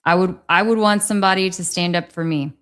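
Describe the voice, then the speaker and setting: A woman's voice: on the low side, fairly even intonation, fairly quick, a bit bright, clean tone. A woman hosting a casual livestream, talking with the chat in a rambling, hesitant way, with many restarts. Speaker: livestream host reading chat.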